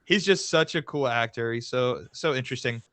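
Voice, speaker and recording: A man's voice: medium pitch, brisk, fairly bright tone, slight background noise. A man co-hosting a casual film podcast, talking animatedly, swearing freely and ranting with mock outrage. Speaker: podcast co-host.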